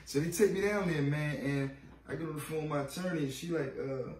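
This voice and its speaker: A man with a gravelly, creaky voice tells his story in blunt street slang, acting out what others said to him. He sits a little away from the mic in a roomy, echoing space with faint ambience behind him. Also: fairly high pitch, normal speed, recorded from a distance. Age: 30s. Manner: animated, profane street storytelling acting out dialogue. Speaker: interview guest. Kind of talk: storytelling in a podcast interview.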